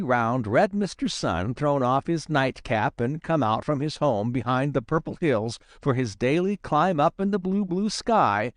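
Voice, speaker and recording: A man narrating a children's storybook in a lively, expressive reading style. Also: medium pitch, no room sound, clean studio sound. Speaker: audiobook narrator.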